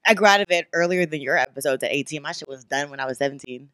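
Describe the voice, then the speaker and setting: A woman on a casual podcast, tossing off wry, sassy remarks. Her voice sits low for a woman. The recording is dry and close. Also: very fast, fairly bright tone, clear, resonant tone, no echo. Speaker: podcast co-host.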